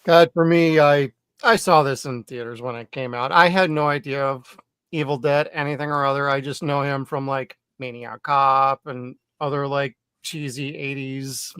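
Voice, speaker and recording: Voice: mid-range voice, fairly bright tone, clear, resonant tone, no room sound, clean studio sound. A podcast host in a casual movie chat, chatty and swearing freely.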